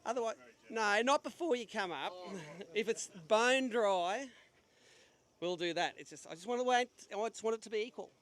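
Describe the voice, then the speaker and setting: Pitched high, with lively intonation and a fairly bright tone, this man talks at a normal speed. As the tournament weigh-in host at a sailing club's outdoor stage, he keeps the live event chatty, upbeat, and full of jokes between quick interviews.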